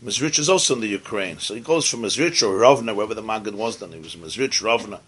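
A man teaching as a rabbi, telling a story in an animated way and dropping Hebrew and Yiddish terms into his sermon. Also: fairly low pitch, fast talker, slightly rough.

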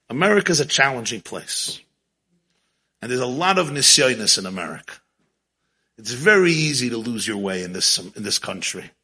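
A man telling a story in an animated way, chuckling often and sprinkling in Yiddish and Hebrew terms. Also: medium pitch, slightly rough. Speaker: religious storyteller. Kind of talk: storytelling talk.

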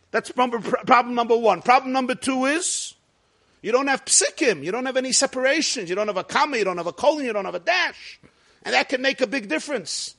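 High-voiced man lecturing a class. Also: fairly bright tone. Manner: asks the class questions and answers them himself, jokes with them. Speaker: rabbi teaching a class.

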